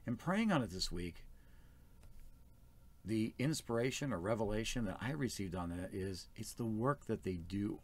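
A man's voice: on the low side, animated, unhurried. A man speaking as first elder of a small church, giving an earnest, plain-spoken sermon.

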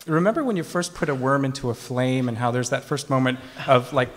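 A man co-hosting a scripted comedy act on stage, with a dry, deadpan delivery. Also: medium pitch, brisk. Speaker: comedy co-host, professor. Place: large lecture hall with live audience. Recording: echoey hall with noise.

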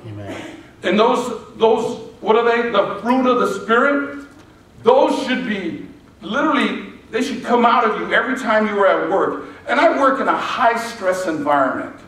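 A man preaching a sermon in a relaxed, storytelling way, with asides and rhetorical questions to the congregation. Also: sits high, moderate pace. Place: church auditorium. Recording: echoey hall, distant mic.

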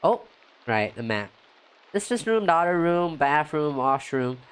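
A man streaming a game, chatting casually and excitably, saying "yo" and "like" a lot and jumping up in pitch when he greets viewers. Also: a little slow, clear, resonant tone. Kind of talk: casual let's-play commentary.

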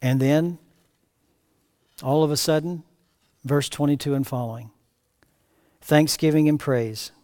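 A man preaching a verse-by-verse sermon as pastor, reading scripture aloud with rising emphatic cries and then dropping to quiet asides. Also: fairly high pitch, steady tone, unhurried, pauses often. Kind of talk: expository sermon. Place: church sanctuary.

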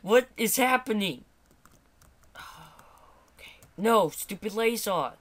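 Brief: slow-talking, exasperated male let's player, high and lively. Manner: frustrated, exclaiming at failures. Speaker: gamer. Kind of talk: let's play commentary.

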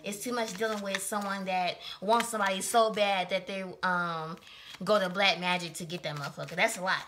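A woman giving a casual tarot reading, chatty and slangy, with plenty of swearing and quick self-corrections. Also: medium pitch, steady tone, a bit bright, a little hiss or hum. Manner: keeps correcting herself. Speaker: tarot reader.

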